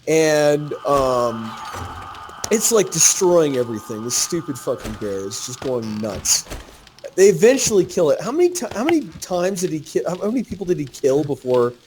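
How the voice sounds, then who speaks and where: Male gamer, lively profane storyteller, slightly higher voice. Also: normal speed, slight background noise. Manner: animated storyteller, swears freely. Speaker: gamer telling a story to co-players. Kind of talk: casual gaming chat.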